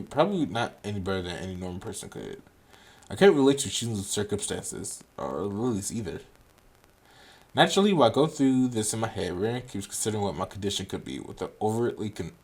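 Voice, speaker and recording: A man's voice: fairly low pitch, a little mellow, breathy edge. A man hosting a game playthrough, chatting with viewers and reading the story aloud, often laughing self-consciously. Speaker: let's play host.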